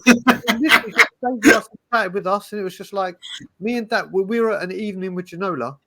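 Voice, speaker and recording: A man in casual chat, telling animated stories with frequent restarts. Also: sits high, fast, a loud crowd. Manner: animated, storytelling, restarts often. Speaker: podcast panelist.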